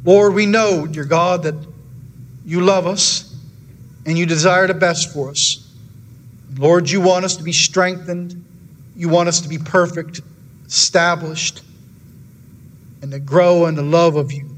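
A man's voice: fairly high pitch, fairly even intonation, a little slow, pauses often. A man preaching a sermon in a church in an earnest, repetitive way, then leading a prayer that keeps calling on the Lord. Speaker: pastor.

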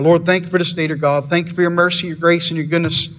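A man with a high, light voice preaches in a church, earnest and repetitive. He keeps returning to the same phrases as he presses his point. A faint hiss of room noise sits under his voice. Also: level tone, quick pace, fairly bright tone. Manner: earnest, repetitive preaching with frequent "Lord" and "dear God". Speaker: pastor. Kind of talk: sermon and closing prayer.

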